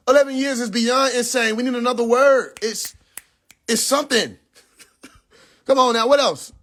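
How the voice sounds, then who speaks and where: A young man hosting a livestream, ranting in a casual, profane way. He speaks, sounds incredulous and animated, and breaks into laughter often. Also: very high-pitched, measured pace, pauses often. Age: young adult. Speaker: livestream host. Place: in a car.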